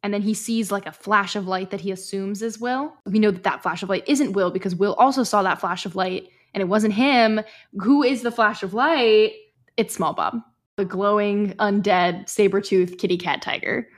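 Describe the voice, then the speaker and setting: A woman hosting a book-club podcast, chatting excitedly and reading narration aloud. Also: mid-range voice, moderate pace. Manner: chatty, filler-heavy, excitable. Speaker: podcast host.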